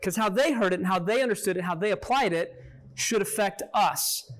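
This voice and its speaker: Leading a small-group Bible lesson, a man with a fairly high, slightly bright voice talks at a brisk clip. His style is conversational and interactive, sprinkling his points with "right?" and regularly posing questions to his listeners to check in with them.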